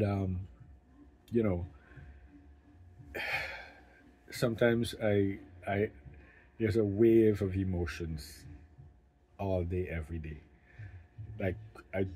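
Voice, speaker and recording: Mellow-voiced man sharing his caregiving strain. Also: sits low, slight background noise. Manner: emotional, halting, with many restarts. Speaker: family caregiver. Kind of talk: candid personal talk to camera.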